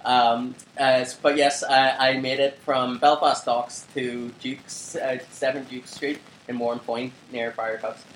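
A man's voice: mid-range voice, little pitch movement, measured pace, few pauses, slight background noise. A young man, co-hosting a podcast and telling a long rambling story in casual chat, swearing and laughing often. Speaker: podcast co-host. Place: flat. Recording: roomy home recording with faint ambience.

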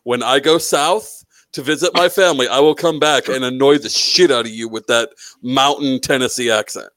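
A man hosting a podcast in casual chat. He speaks loudly, swears freely and picks playful fights. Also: mid-range voice, normal speed, no echo. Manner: loud, profane, playfully combative. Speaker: podcast host.

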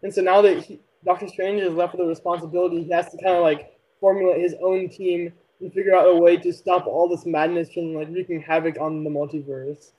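A man explains at length in a casual podcast chat, leaning on lots of fillers. His voice is high for a man. The recording is dull and lo-fi. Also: little pitch movement, a little fast, hardly any pauses. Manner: rambling, filler-heavy explaining. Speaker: podcast co-host. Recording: dull lo-fi mic.

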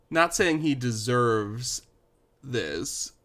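A man's voice: medium pitch, a bit bright. A man co-hosting a podcast, recapping a TV show in casual chat, rambling along with lots of "like" and the odd sigh. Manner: rambling, with frequent "like" fillers and sighs. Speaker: podcast co-host.

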